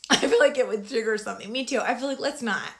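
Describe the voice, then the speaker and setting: A woman's voice: fairly high pitch, fairly quick. Chatty woman, laughing a lot. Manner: chatty, digressive, laughs often, animated outbursts. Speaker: vlogger sharing her recovery story. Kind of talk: casual live chat with viewers.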